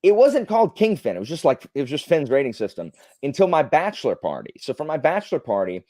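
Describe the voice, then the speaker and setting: A man's voice: a little high, fast talker, no echo, clean studio sound. A young adult man hosting a livestream, telling stories in a casual, rambling way with lots of fillers. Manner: rambling, animated storytelling with many fillers. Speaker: livestream host. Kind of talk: casual chat.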